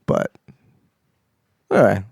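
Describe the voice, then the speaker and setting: A man's voice: very slow, darkish tone, no room sound, studio quality. A man co-hosting a community radio show, wry and rambling, laughing between lines. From Canada. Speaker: radio co-host. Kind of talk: casual radio banter.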